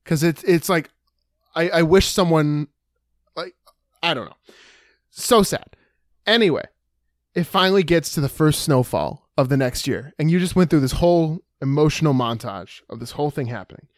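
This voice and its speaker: A man co-hosting a podcast in casual chat, telling a story with animated, exaggerated dismay. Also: a little high, normal speed, no echo, studio quality. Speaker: podcast co-host.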